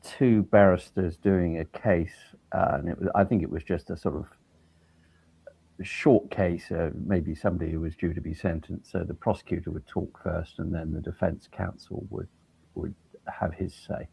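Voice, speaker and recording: An older man, a judge and guest, telling lively anecdotes in casual chat over a video call. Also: low-pitched, normal speed, creaky, slightly rough.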